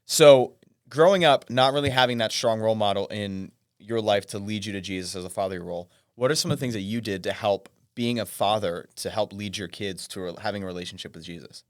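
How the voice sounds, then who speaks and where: A man in his thirties, co-hosting a podcast, speaks in soft-spoken, storytelling chat with joking asides. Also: on the low side, a little fast, dry recording, studio quality. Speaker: podcast co-host. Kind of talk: casual chat.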